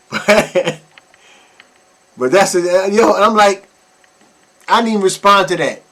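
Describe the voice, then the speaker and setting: High-voiced, exasperated male vlogger. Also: unhurried, long pauses. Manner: animated, mocking, exasperated. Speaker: commentary vlogger. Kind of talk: reaction commentary.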